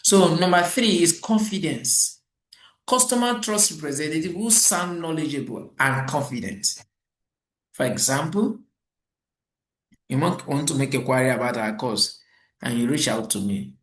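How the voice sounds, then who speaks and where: Middle-aged man, trainer lecturing on customer service, animated, somewhat high voice, reverberant room. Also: a little slow. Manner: animated storytelling, acts out quoted exchanges.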